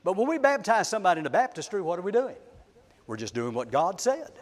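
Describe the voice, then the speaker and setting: A man preaching a sermon, emphatic and swinging between loud declarations and soft asides. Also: high-pitched, big pitch swings, fast talker. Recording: long hall reverb.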